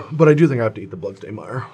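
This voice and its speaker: Low-voiced man, card player mid-match, talks his plays through aloud with playful restarts. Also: warm tone, breathy edge. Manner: thinks aloud, joking, hesitant restarts. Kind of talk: casual table talk during a match.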